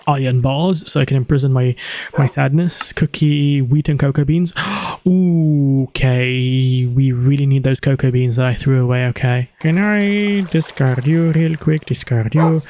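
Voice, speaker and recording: A man's voice: medium pitch, mellow. A man hosting his own gaming channel, chatting through his play with jokes and sudden exclamations. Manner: chatty self-narration, joking, quick exclamations. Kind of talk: let's play commentary.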